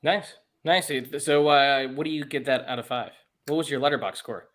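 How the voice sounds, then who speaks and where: A man's voice: mid-range voice, normal speed, a bit bright. Upbeat, jokey male podcast co-host. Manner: upbeat, jokey, laughs often. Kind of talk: casual chat.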